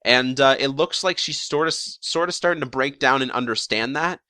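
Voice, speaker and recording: A man's voice: mid-range voice, moderate pace, sharp tone, clean tone, no echo, studio quality. A young man talking casually about episode predictions, rambling with lots of fillers, restarts and the odd swear word. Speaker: YouTube show commentator.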